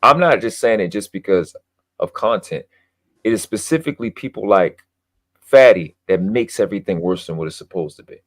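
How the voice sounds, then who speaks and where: Low-voiced man boasting in a heated podcast chat. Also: expressive, a little fast. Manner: boastful, emphatic, profane. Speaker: podcast guest. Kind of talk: heated casual debate talk.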